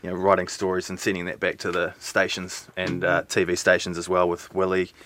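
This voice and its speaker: Man, New Zealand accent, journalist guest, low voice, friendly, hesitant. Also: monotone, fairly quick, fairly bright tone, a little hiss or hum. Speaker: visiting radio journalist. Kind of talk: studio guest chat.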